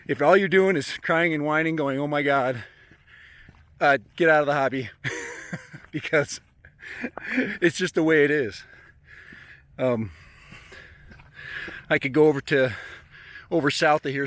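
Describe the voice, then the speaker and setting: A man's voice: on the high side, fairly bright tone. A man narrating a casual outdoor vlog while hiking through open country, chatty and rambling and often chuckling. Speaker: drone hobbyist vlogger.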